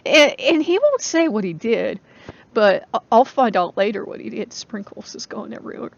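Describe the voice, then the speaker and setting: Rambling woman with a gravelly voice. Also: a little high, big pitch swings, moderate pace, lo-fi sound. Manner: rambling, many fillers, frequent laughs. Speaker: channel host. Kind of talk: casual vlog monologue.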